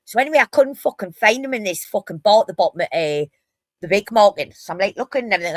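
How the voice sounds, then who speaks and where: A woman's voice: medium pitch, expressive, very fast, dry recording. A woman with a Geordie accent, telling rowdy stories in a casual live stream chat, brash and full of swearing. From North East England.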